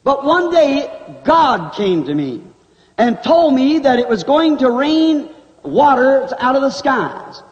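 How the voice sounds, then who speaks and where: A man's voice: very high-pitched, sing-song, takes it slowly, dull audio, heavily acted. A man voicing a steadfast old male prophet, giving plain, earnest testimony in a sermon, recorded in an echoey hall on old tape.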